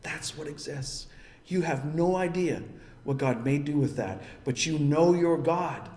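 A man's voice: fairly high pitch, measured pace, darkish tone, reverberant, slight background noise. A man preaching a sermon as a pastor, telling a story in an earnest, emphatic way.

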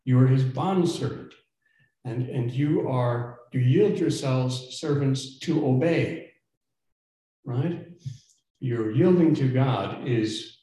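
A man's voice: mid-range voice, mellow. A man preaching a sermon as pastor, earnest and emphatic, sometimes stumbling and repeating words as he presses a point. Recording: very echoey church room.

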